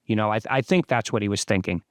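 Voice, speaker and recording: A man in his fifties, host of his own channel, giving relaxed, explanatory voice-over commentary on sparring footage. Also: lowish voice, fast, dry recording, clean studio sound. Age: 50s.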